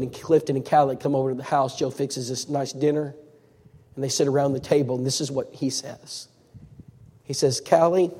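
A man preaching a sermon as a dramatic story, swinging between loud and hushed. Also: mid-range voice, husky, in a large hall.

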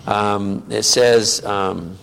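A man delivering a sermon at an unhurried pace, with a gravelly, creaky edge to his voice. He teaches conversationally and keeps turning to the congregation with questions. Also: fairly low pitch, fairly even intonation, a bit bright, slight background noise. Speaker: preacher.

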